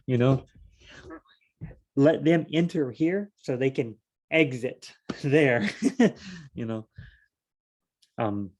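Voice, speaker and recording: A man's voice: medium pitch, lively intonation, a little mellow. A man studying scripture aloud on his own, talking casually, musing and briefly acting out scenes as he reads. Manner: informal, muses aloud, acts out scenes in quick voices. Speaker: solo Bible study host.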